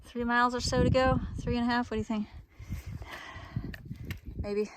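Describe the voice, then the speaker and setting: A woman's voice: a little high, flat delivery, moderate pace, heavy background noise. A cheerful, chatty woman narrating her hike outdoors on a mountain trail, talking into a handheld camera and laughing often. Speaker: hiking vlogger. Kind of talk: casual vlog narration while hiking.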